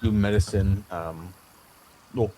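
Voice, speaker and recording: Deep-voiced man narrating as game master. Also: fairly even intonation, warm tone, a little hiss or hum. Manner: descriptive, halting with fillers.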